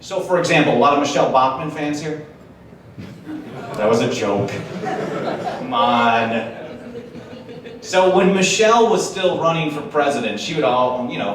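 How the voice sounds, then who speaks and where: A man's voice: medium pitch, fairly bright tone, a little hiss or hum. A man from Wisconsin giving a casual, joking speech to a live conference audience, chatty and full of slangy asides. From Wisconsin, USA. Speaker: conference speaker. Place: large conference hall. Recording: echoey hall, mic heard from a distance.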